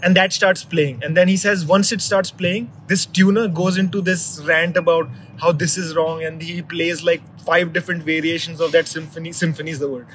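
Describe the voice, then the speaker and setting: A man's voice: fairly high pitch, fairly even intonation, moderate pace, hardly any pauses, fairly bright tone, a little hiss or hum, poor audio. A man in casual conversation, telling a story in a rambling way with many restarts.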